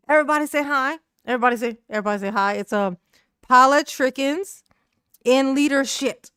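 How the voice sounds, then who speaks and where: A woman's voice: high voice, animated, takes it slowly, pauses often, bright, forceful tone, clean tone, no echo, studio quality. A woman doing brash, laughing, trash-talking commentary on a live stream.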